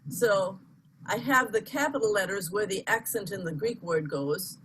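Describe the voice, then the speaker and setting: A woman's voice: medium pitch, animated, normal speed, background noise. A woman teaching chant in an online workshop, explaining with chatty asides, apologies and easy laughter.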